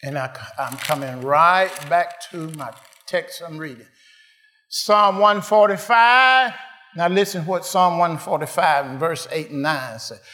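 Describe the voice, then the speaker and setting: A man preaching a call-and-response sermon, asking the congregation questions and rising to shouted answers. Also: a little high, a little slow.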